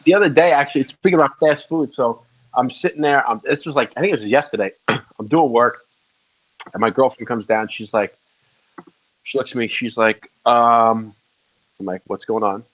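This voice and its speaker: A man's voice: mid-range voice, moderate pace. Man, casual podcast chat, rambling stories, swears often, dull lo-fi recording. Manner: swears a lot, rambling storyteller. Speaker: podcast co-host.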